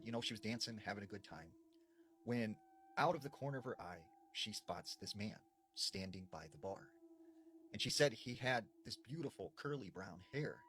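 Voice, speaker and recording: A man retelling eerie stories, shifting between animated bursts and hushed, dramatic dips. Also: lowish voice, slight background noise. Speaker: storyteller.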